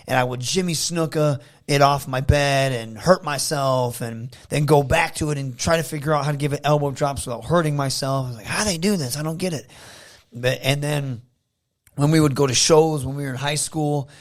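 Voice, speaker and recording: A man from Michigan, a wrestler guest telling animated stories in a casual interview, often slipping into loud impressions. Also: medium pitch. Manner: animated storyteller who slips into loud impressions.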